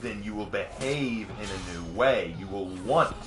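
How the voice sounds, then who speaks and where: A man streaming live, casually answering viewer questions at length, sometimes ranting with rising excitement and sometimes explaining earnestly with restarts. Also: on the low side, measured pace, over music. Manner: rants with rising, excited emphasis.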